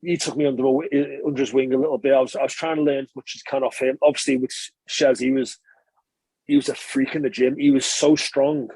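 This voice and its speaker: A man, a former rugby player, telling stories in a relaxed interview and chatting casually with frequent swearing and restarts. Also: medium pitch, fast talker, husky, dry recording. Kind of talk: casual conversational storytelling.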